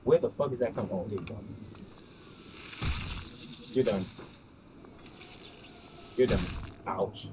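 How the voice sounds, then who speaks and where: This man speaks slowly in a fairly low voice, pausing often against a noisy background. He's live-streaming a game and ranting casually and bluntly, repeating himself, cursing, and using "bro" frequently.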